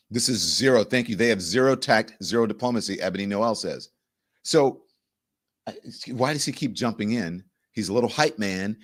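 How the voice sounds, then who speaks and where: A man hosting a show, giving animated, exasperated political commentary over news clips. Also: fairly low pitch. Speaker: show host.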